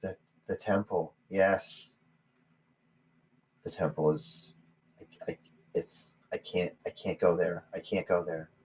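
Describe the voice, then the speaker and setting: A man voicing a frightened, bearded old tavern sleeper who speaks in halting, quiet fear. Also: deep voice, fairly even intonation, a little hiss or hum, poor audio. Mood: fearful.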